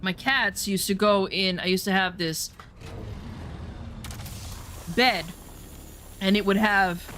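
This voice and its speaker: A woman telling rambling, animated anecdotes in a casual chat, full of swearing. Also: mid-range voice, slight background noise. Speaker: storyteller.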